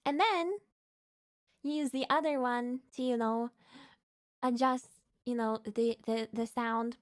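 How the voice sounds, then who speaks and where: A VTuber streamer hosts a casual live stream, rambling with many fillers and restarts, giggling and greeting viewers. Her voice is a little high, steady in tone, and slow.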